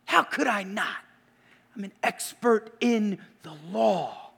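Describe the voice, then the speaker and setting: Preacher voicing a self-assured male legal expert, offended and protesting, pitched high. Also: slow, creaky, fairly bright tone, husky, full character voice. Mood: indignant. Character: proud indignant male scribe, legal expert.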